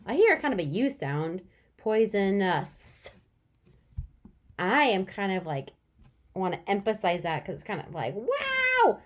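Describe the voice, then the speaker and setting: A young woman teacher giving a remote lesson to young children, sounding out words and reacting with big, animated surprise. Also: a little high.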